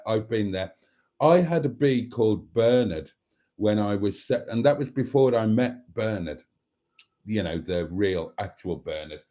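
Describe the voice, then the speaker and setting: A man's voice: on the low side, warm tone. A man hosting a casual live stream from home, reading viewer comments aloud in a chatty, cheeky, rambling way into a phone. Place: home, indoors.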